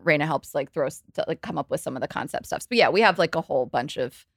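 A woman's voice: deep voice, no room sound, studio quality. A woman in her thirties talking casually and animatedly as a podcast guest, explaining with lots of "like"s. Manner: animated, explains fast with many "like"s. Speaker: guest, company co-founder.

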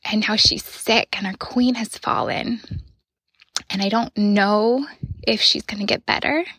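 A woman in her thirties hosting a podcast, sharing a personal reflection in an earnest voice that often drops to a soft whisper. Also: medium pitch, measured pace, husky, no room sound. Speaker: podcast host.

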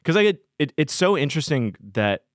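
A man's voice: on the high side, big pitch swings, brisk, no room sound, clean studio sound. A man who tours as a DJ, chatting casually as a podcast guest and telling rambling, profane stories. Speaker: touring DJ guest.

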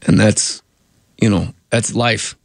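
A man's voice: lowish voice, fairly even intonation, takes it slowly, dry recording, clean studio sound. A man, a comedian and actor, telling rambling anecdotes in a casual interview, often cutting himself off.

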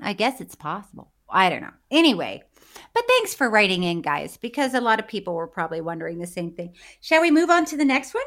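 A woman's voice: mid-range voice, very animated, a little fast, fairly bright tone. A woman co-hosting a podcast in casual chat, chatty and laughing often. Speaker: podcast co-host.

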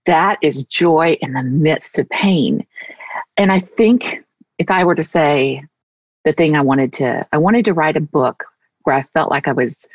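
A middle-aged woman author talks in a heartfelt, reflective way with a husky tone. Her voice comes through dry and slightly dull, like a remote recording. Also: low voice, unhurried, no room sound. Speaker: author guest. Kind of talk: conversational interview.

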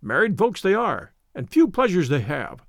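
A man's voice: high-pitched, sing-song, moderate pace, no echo, clean studio sound. A man voicing an easygoing Irish policeman who muses to himself in an audiobook reading. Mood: musing. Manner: musing, lazy drawl.

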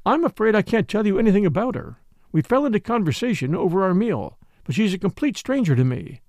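A man's voice: high-pitched, big pitch swings, a little fast, a little mellow, no room sound, clean studio sound, voice pushed up. A man reading an audiobook voices a reserved young Englishwoman who answers politely but guardedly.

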